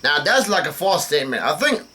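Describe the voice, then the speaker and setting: Man halting through a manga recap. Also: on the high side, big pitch swings, pushed and bright. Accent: Southern US. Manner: halting read-aloud with restarts and asides. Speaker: manga reaction host. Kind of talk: reading aloud and reacting to a comic chapter.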